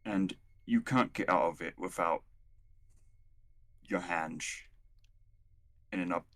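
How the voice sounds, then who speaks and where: A man playing a tabletop role-playing game, talking in a hesitant, halting way. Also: low voice. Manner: hesitant, halting, soft-spoken. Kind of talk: in-character roleplay and table chat.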